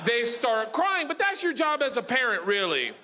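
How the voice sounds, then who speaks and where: Loud comedian guy on stage, high voice, bouncing all over the place, crude jokes. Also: normal speed, background noise. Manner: loud, animated, crude punchlines. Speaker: stand-up comedian. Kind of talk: stand-up storytelling. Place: stage before a live audience.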